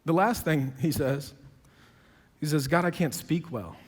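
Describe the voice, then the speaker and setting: A man preaching a sermon, telling dialogue in conversational voices and building to loud, emphatic peaks. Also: fairly high pitch, a little slow, husky. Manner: quotes dialogue in conversational voices, self-described sarcastic. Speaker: pastor. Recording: long hall reverb.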